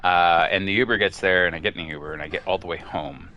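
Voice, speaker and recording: A man chatting casually over gameplay, telling a long story in a rambling, excitable way and getting worked up as he goes. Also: low voice, quick pace, lo-fi sound. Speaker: gaming streamer.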